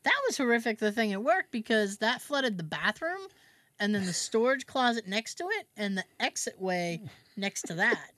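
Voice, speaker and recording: A woman's voice: mid-range voice, lively intonation, normal speed, fairly bright tone, dry recording. A woman co-hosting a podcast, animatedly telling a personal anecdote in casual chat and swearing freely. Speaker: podcast co-host.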